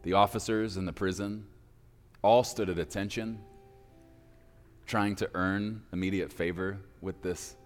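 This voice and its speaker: Deep-voiced male preacher telling a story. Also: steady tone. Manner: dramatic pauses, slowing for emphasis. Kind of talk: sermon storytelling. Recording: reverberant hall with faint music.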